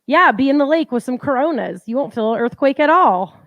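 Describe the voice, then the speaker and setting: A high-voiced woman co-hosting a relaxed live stream from home. She is chatty and teasing and laughs easily, and her voice sounds close and dry with no room around it. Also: a little fast, no echo, narrow, tinny audio. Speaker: co-host. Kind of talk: casual live-stream chat.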